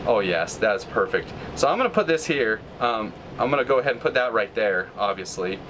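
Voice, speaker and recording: A man's voice: big pitch swings, brisk, noisy background. Frustrated man ranting over gameplay. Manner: frustrated ranting, jumps from pitch spikes to low mutters. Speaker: gaming channel host. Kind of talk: live gameplay commentary.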